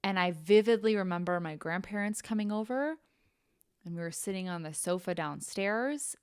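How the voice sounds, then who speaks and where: A woman's voice: fairly low pitch, normal speed, smooth, no room sound, clean studio sound. A young adult woman hosting a podcast, telling a personal story frankly and bluntly, swearing casually and saying "like" often. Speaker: podcast host.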